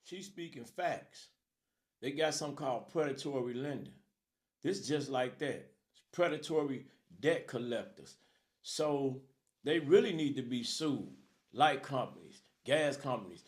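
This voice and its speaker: Quiet man commenting from a distance. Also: mid-range voice, expressive, unhurried. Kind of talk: reaction commentary.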